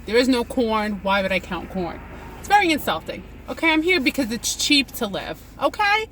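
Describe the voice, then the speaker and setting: A woman rants sarcastically at the wheel of her car, her high voice swooping up and down. Loud road noise hums behind her. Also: normal speed. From New York. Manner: animated, sarcastic ranting. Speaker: comedy vlogger. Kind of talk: talking to herself while driving. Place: inside a car while driving.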